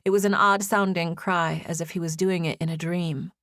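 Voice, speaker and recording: A young woman reads a first-person audiobook with a gentle, intimate storytelling manner. Her voice sits a little low, and the recording is dry and close, with no room sound. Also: steady tone, moderate pace, no room sound. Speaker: audiobook narrator. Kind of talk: scripted first-person narration.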